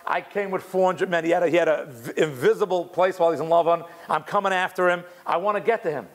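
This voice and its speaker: A man's voice: sits high, quick pace, natural voice. A man voicing a vengeful older brother who is confused about why he now feels love, speaking in exclamations during a religious class. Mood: aggrieved. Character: bewildered vengeful older brother, torn between hate and love.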